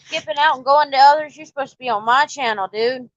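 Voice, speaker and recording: A fairly high-voiced woman with a drawl hosts a casual live stream, coaxing and teasing her viewers. The sound is dry and a bit muffled, as if from a basic mic. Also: fast talker, dry recording. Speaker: livestream host.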